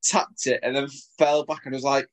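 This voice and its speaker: A man's voice: mid-range voice, little pitch movement. A man co-hosting a podcast, telling a funny story in casual chat, often laughing as he talks. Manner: laughing storyteller, quick bursts. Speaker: podcast co-host.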